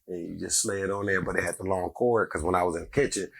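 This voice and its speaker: A middle-aged man, a comedian, telling a story in a casual, animated way and acting out the people in it. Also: low voice, fast, vocal fry, slightly rough. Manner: animated, acts out every character in the story.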